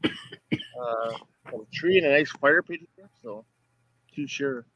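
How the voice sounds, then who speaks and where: A man talking casually from an outdoor campsite, halting and laid-back. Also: mid-range voice, bright, forceful tone, a little hiss or hum, rough recording. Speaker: co-host of a live stream. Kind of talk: casual chat.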